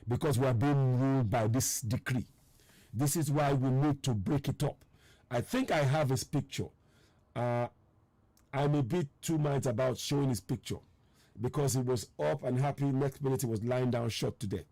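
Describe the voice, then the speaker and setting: A man's voice: mid-range voice, moderate pace, mellow, dry recording. A man hosting a live online broadcast, urging viewers with insistent repetition in a strained, tired voice. He is from Nigeria. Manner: urgent, insistent, repeating his points; reads out viewer names and answers their comments. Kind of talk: impassioned live-stream address.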